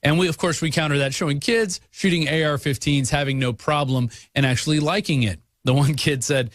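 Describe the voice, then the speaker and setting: A man hosting a political talk radio show, arguing his points with quick asides and frequent fillers. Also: a little high, no room sound, studio quality.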